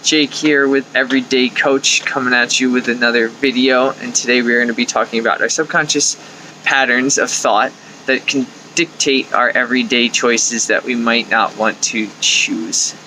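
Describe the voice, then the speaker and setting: A man's voice: mid-range voice, normal speed, slight background noise, rough recording. A young man hosting his own coaching video, talking casually and acting out the thoughts in his head. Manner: conversational, acts out inner thoughts with lively quoted asides. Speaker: life coach and video host. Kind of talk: casual talking-to-camera advice.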